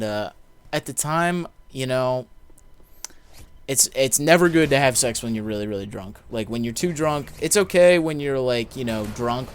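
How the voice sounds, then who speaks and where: A man's voice: mid-range voice, slight background noise. A young man, a gaming YouTuber, casually telling a story with lots of swearing, fillers and rambling asides. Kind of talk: casual storytelling over gameplay.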